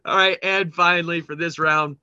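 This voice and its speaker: A man's voice: fairly high pitch, normal speed, clear, resonant tone, no room sound, muffled recording. A man co-hosting a podcast, telling stories animatedly with laughter and swearing as he reads memes aloud. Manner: animated, laughing, profane storytelling. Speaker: podcast co-host. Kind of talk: casual chat reading memes.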